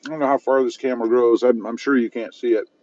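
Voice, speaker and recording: A man's voice: mid-range voice, fairly even intonation, quick pace, darkish tone, no room sound, dull audio. A man from South Texas chatting casually on a live stream from his parked car while eating and reading viewer comments aloud, self-mocking and easygoing. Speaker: car channel host reading live chat. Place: parked car at a fast-food restaurant.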